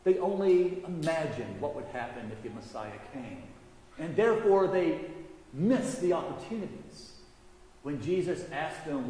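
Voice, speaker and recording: A male priest preaching a sermon, telling a fable and reflecting on it in a measured storytelling way, in a church. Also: on the high side, lively intonation, dark tone. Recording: echoey church hall, faint noise.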